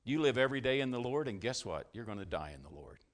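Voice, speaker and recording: A male preacher delivering a sermon, asking his congregation questions, then swelling to loud, fervent climaxes before dropping low and quiet. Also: sing-song, fast talker. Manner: asks the congregation questions and answers them.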